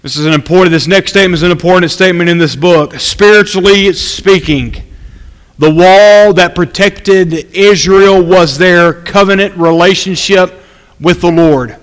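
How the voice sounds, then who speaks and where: A man preaching an evening sermon, reading scripture aloud and slowly repeating his key points for emphasis. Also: high voice, in a large hall, poor audio.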